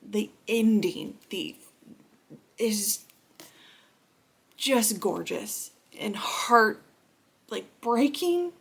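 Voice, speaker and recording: Gravelly, husky woman gushing about books. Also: mid-range voice, big pitch swings, very slow, long pauses. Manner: chatty and gushing, with laughs and sighs. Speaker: book vlogger. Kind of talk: casual reading vlog.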